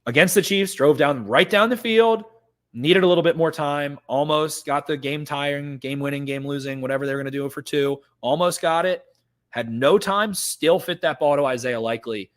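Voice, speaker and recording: This podcast co-host is a young man whose voice sits on the high side and moves at a moderate pace. His casual sports chatter comes out as an emphatic rant, with points repeated for effect.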